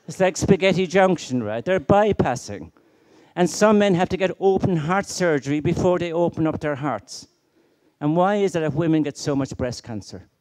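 A middle-aged man gives a conference keynote with emphasis, packing it with rhetorical questions and stories. His voice is a little high, expressive, and darkish in tone, at a normal speed.

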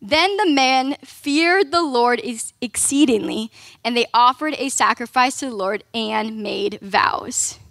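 A young woman preaches to a youth group in a loose, conversational style. Her voice sits high, and she keeps tossing in "like" and "right?". The sound is dry and close, with no room echo. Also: takes it slowly, gravelly, a bit bright. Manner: casual, conversational, many "like"s and "right?". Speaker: youth ministry speaker. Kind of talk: youth sermon.

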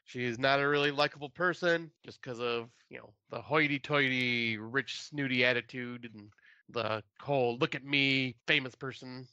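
A man's voice: mid-range voice, moderate pace, sharp tone, smooth, no echo, muffled recording. A man co-hosting a podcast, giving casual movie reviews with dry, self-mocking humor. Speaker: podcast co-host.

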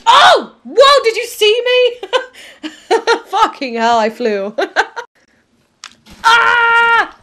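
A woman's voice: very high voice, sing-song, extremely slow, pauses often, sharp tone. A young woman swearing her way through gameplay commentary, bursting into shrieks and laughter. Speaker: gaming video host.

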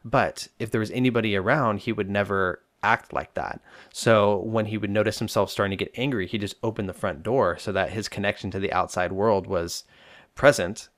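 Guy therapist on a podcast talking u through anger stuff, lowish voice, super dry close mic. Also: no echo. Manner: relaxed explanatory, addresses listener directly. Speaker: psychologist podcast host. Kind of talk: self-help podcast advice.

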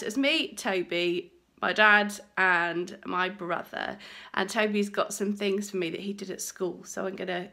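A woman's voice: medium pitch, vocal fry, bright, forceful tone. A woman chatting casually to camera in a vlog, rambling and laughing now and then. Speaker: vlogger. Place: home, then walking outdoors and a busy cafe.

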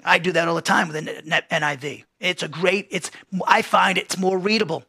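A man's voice: sits high, steady tone, fairly quick, gravelly, pushed and bright, husky. A middle-aged man teaching an expository Bible lesson in a conversational way, often restarting phrases and reading quotes aloud.

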